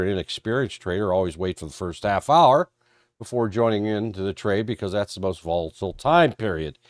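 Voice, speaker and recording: Folksy stream moderator, stuffed up from a cold, low-pitched, recorded dry and close. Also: male voice, a little mellow, no echo. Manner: folksy, rambling, self-deprecating. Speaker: trading show moderator. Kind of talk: live-stream market talk.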